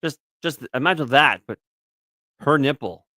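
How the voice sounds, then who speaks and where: A man's voice: medium pitch, animated, unhurried, pushed and bright, dry recording. Crude teasing man on a dry mic. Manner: crude, teasing, swings into mock voices. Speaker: podcast co-host. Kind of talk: casual podcast banter.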